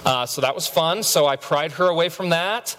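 A lively pastor in his thirties tells stories from the pulpit with self-mocking humor. His voice sits a little high and stumbles into quick repeats when he gets going. A long hall reverb trails his words. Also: faint music behind. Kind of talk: sermon.

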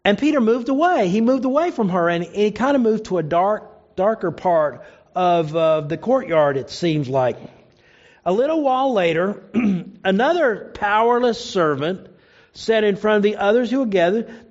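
Male preacher with a high voice, storytelling sermon delivery, dull lo-fi recording. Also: lively intonation, normal speed. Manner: storytelling, acts out quoted lines with rising pitch.

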